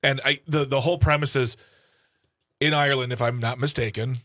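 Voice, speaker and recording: A man's voice: medium pitch, fairly even intonation, fairly quick, a bit bright, dry recording, clean studio sound. Rambling, jokey male co-host. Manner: jokey, rambling, restarts words. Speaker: radio co-host. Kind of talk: casual radio chat.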